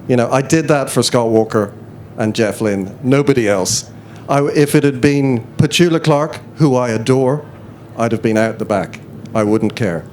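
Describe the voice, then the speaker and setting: A man's voice: medium pitch, moderate pace, a little mellow, a little hiss or hum. Rambling self-deprecating male festival guest. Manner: rambling, self-deprecating, hesitant with many fillers. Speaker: interview guest, musician. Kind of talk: casual live stage chat. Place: festival chat tent before an audience.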